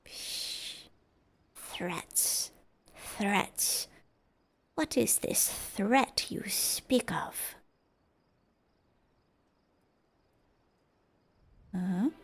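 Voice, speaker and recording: A woman voicing a zealous, scornful male fish-man warrior from a game, in a slow, menacing, raspy half-whisper. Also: medium pitch, full character voice. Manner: slow, menacing, drawn-out delivery. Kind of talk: reading game dialogue aloud in character.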